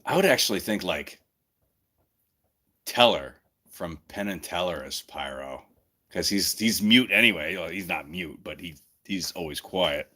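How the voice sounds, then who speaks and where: A streamer hosts a chat on his own stream, casually joking and thinking aloud as he goes. His low-pitched voice is expressive and unhurried, with a pushed, bright sound.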